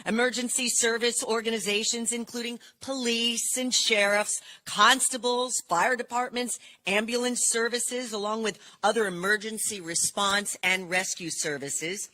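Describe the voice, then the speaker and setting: A woman's voice: a little high, steady tone, measured pace, few pauses, sharp tone. A woman hosting as master of ceremonies at an indoor awards ceremony, upbeat and presenting on a microphone.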